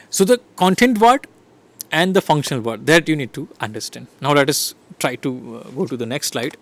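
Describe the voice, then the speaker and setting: A middle-aged man gives a recorded lecture, explaining slide by slide and checking in with "right?" and "fine". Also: medium pitch. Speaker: English lecturer.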